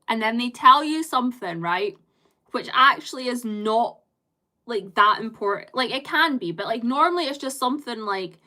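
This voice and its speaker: A woman's voice: fairly high pitch, animated, moderate pace, bright, forceful tone. A woman chatting casually on a live stream, rambling with lots of fillers and casual swearing.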